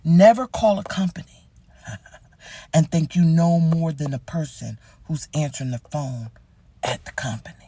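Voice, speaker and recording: A woman who works as a medical receptionist, telling a story in a casual, animated, wry way and swearing freely. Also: sits low, normal speed, slightly rough, dry recording.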